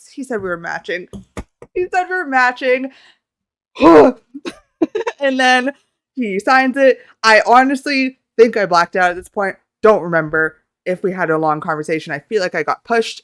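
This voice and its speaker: A young woman from Canada, telling a rambling, excitable story about meeting a group in a casual vlog, talking close to the mic. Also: on the low side, no room sound. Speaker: YouTuber.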